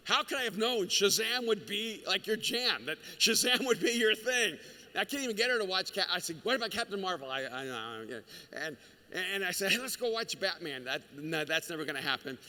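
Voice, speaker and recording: A middle-aged man preaching a sermon, telling the story with humor, animated delivery and frequent restarts. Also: sits high. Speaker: pastor. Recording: reverberant hall recording.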